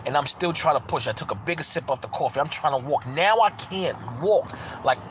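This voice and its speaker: A man's voice: fairly high pitch, expressive, brisk, noisy background. Earnest man telling his testimony. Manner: earnest, repeats phrases for emphasis. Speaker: parent sharing a personal testimony. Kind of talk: casual personal testimony.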